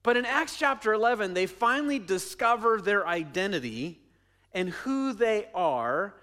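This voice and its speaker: A man's voice: high voice, animated, measured pace, sharp tone. A man preaching a sermon as pastor, conversational, asking the congregation questions and repeating his phrases.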